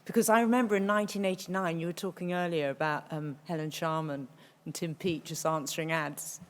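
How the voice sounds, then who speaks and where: Female panel guest from Britain, lower voice, candid and lively. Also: brisk. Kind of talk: panel discussion on stage.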